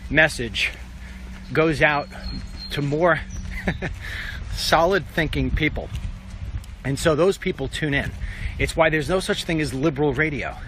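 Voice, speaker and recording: A middle-aged man, a conservative radio host, rambles through an animated walk-and-talk vlog, telling stories and ranting. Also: fairly high pitch, slight background noise, poor audio. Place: outdoors, walking.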